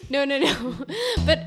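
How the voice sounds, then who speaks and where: A young woman co-hosting a casual, joking podcast chat, giggling often and leaning on "like". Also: high voice. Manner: giggly, heavy use of "like". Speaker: podcast co-host. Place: home.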